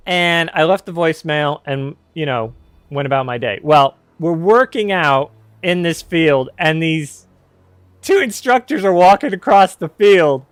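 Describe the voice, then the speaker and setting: A man's voice: a little high, clear, resonant tone, no room sound. A man telling a long story in casual chat while gaming, rambling with asides and self-corrections. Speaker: streamer and host.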